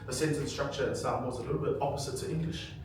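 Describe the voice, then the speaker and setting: Hoarse man teaching a group in a hall. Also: mid-range voice, very fast, noisy background. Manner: animated, quizzes the group, explains with humor. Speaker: Samoan language workshop teacher. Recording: echoey hall, from far off, crowd around.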